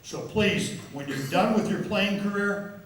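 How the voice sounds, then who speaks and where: An older man, a football official and guest speaker, gives an after-dinner speech in a large members' dining room, telling stories that amuse himself and often repeating words. His voice sits high and unhurried. Recorded from far off in an echoey hall, with slight background noise.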